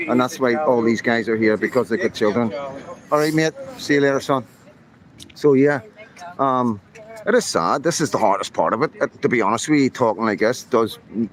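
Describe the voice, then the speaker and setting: A man speaks into a phone as he walks outdoors at night. His talk is heated and rambling, full of fillers and swearing, at an average pitch. A crowd can be clearly heard around him. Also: rough recording. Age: 50s. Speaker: livestreamer. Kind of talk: live street vlog. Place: city street at night, outdoors. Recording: outdoor street crowd noise.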